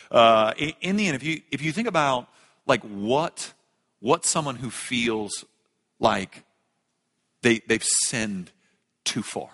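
A man preaching a sermon as a pastor, swinging between loud emphatic lines and hushed ones. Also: mid-range voice. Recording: echoey large hall.

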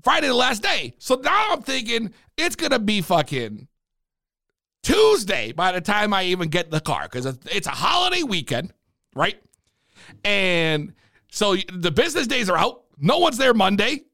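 A man telling a profane, animated rant about buying a car, in casual storytime style. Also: high voice, measured pace, no echo, clean studio sound. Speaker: vlogger.

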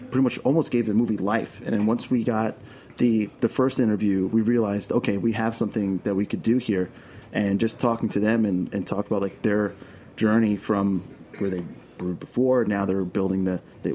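A man's voice: lowish voice, a little mellow, a little hiss or hum. A man from Queens with a New York accent, a filmmaker guest rambling with many restarts in casual radio chat. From Queens, New York City.

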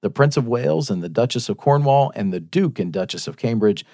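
A man's voice: medium pitch, animated, brisk, mellow, dry recording, studio quality. A man hosting a faith-based news talk show, reading news stories aloud and chatting with his co-hosts.

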